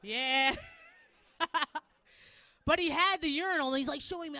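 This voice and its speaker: High bright Canadian woman doing stand-up. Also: fast talker, no room sound, studio quality. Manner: loud animated storytelling, acts out characters, laughs often. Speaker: stand-up comedian. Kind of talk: stand-up comedy set.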